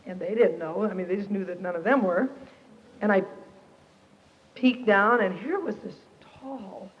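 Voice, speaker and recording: Animated woman telling a faith testimony. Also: mid-range voice, normal speed. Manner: animated, expressive, quotes herself and others. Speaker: speaker at a Christian camp. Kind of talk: personal testimony storytelling. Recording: dull lo-fi archive tape, reverberant hall.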